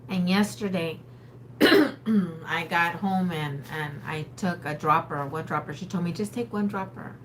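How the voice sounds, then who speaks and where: A woman's voice: fairly low pitch, unhurried. Woman, sore throat, chatty livestream talk, addresses viewers, faint noise behind. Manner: chatty, talks to viewers directly. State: sore throat, under the weather. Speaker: livestream co-host. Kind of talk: casual livestream chat.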